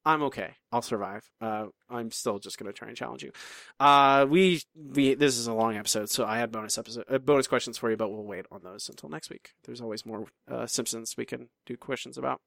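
A man's voice: medium pitch, fairly quick, gravelly, fairly bright tone, no echo, studio quality. A man co-hosting a podcast in casual chat, teasing and self-deprecating as he runs a trivia game. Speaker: podcast co-host.

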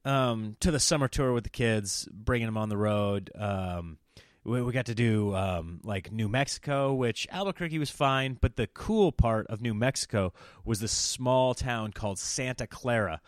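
Casual storytelling man, dry close sound. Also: no echo. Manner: animated, jumps into loud high-pitched quoted voices. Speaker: comedian and podcast host.

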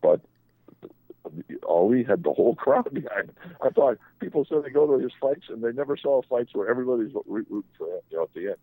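Older man, sports agent guest on talk radio, rambling anecdotes with restarts, gravelly, husky. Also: mid-range voice, expressive, fast, dry recording, narrow, tinny audio. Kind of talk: radio talk show storytelling.

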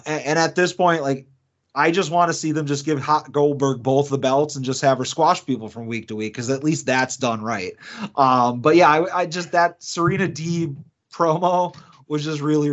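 A man co-hosting a podcast in casual chat, rambling with lots of fillers and restarts. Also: on the high side. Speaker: podcast co-host. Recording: dull lo-fi sound.

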